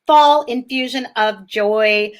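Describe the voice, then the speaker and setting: Host: upbeat woman, higher-pitched, casual interview chat, laughs at her own flubs. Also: takes it slowly. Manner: bubbly, animated, laughs at her own slips. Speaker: podcast host.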